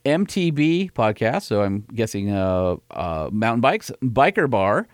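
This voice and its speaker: A man co-hosting a podcast in casual chat, teasing and deadpan as he reads listener emails. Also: lowish voice, unhurried, no echo, studio quality. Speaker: podcast co-host.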